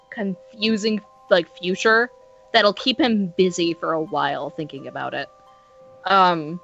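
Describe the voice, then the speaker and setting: Giggly woman narrating her character in a tabletop game, bright voice, slightly dull audio. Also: mid-range voice. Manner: giggly, playful. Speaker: player.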